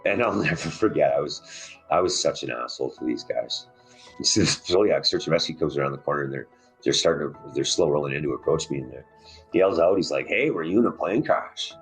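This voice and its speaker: Soft music sits in the background as a man talks fairly quickly through his personal survival story. His very deep, husky voice rises and drops with emotion in this raw, intense first-person telling.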